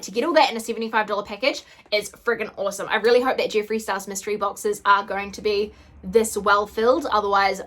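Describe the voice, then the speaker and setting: A woman beauty vlogger in an excited unboxing chat, gushing and often gasping and squealing. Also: medium pitch.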